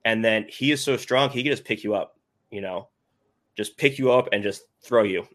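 A man with a fairly low voice joins a casual sports podcast as a guest. He talks in a chatty way and goes into detail as he explains his analysis of each player. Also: moderate pace, fairly bright tone.

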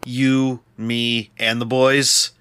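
A man's voice: medium pitch, little pitch movement, extremely slow, bright, forceful tone, clear, resonant tone. A man co-hosting a podcast in a laid-back, self-deprecating way, chuckling as he talks. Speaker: podcast co-host. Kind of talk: casual podcast chat.

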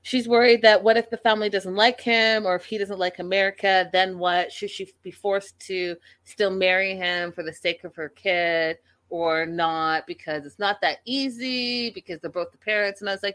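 A woman hosting a casual livestream, recapping a reality show and chatting with her viewers in an opinionated, animated way. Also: mid-range voice, moderate pace, few pauses.

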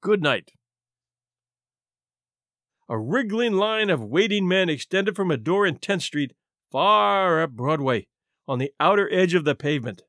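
Expressive male storyteller, lively delivery. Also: sits high, moderate pace, no room sound, clean studio sound. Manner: expressive, theatrical reading. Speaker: narrator and podcast host. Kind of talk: audiobook story narration.

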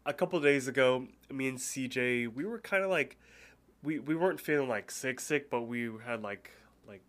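A man's voice: mid-range voice, moderate pace, a bit bright. Stuffy-nosed man rambling on a podcast. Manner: rambling, lots of fillers and restarts. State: stuffy nose from a cold. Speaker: podcast co-host. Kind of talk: casual chat.

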